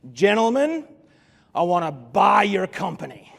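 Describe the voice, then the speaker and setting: A keynote speaker doing a calm, formal Texan tech mogul with a polite, measured delivery, recorded in a reverberant conference hall. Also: male voice, sits high, gravelly, heavily acted. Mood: courteous.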